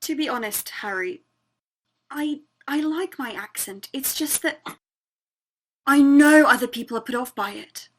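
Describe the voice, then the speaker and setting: A woman playing a painfully posh English girl. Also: high-pitched. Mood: earnest. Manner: giggly, prim, slow careful repeating. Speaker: accent student. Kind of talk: online student drama. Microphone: video call.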